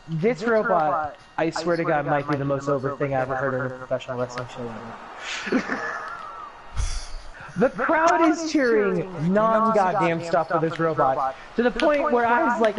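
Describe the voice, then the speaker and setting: A man telling a story on a casual podcast, animated and laughing as he goes. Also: fairly high pitch, low-quality recording. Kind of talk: casual chat.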